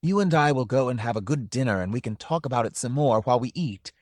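A man voicing a smooth, snake-like tempter who relishes his words as he coaxes. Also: mid-range voice, expressive, fast, a little mellow, no echo, studio quality, pitched above the performer's own voice, lightly acted. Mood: smooth, tempting. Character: smooth persuasive adult male tempter, snake-like.

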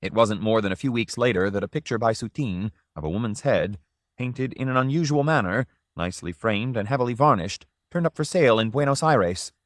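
A man narrating a story in a measured, even storytelling manner. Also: medium pitch, dry recording, clean studio sound.

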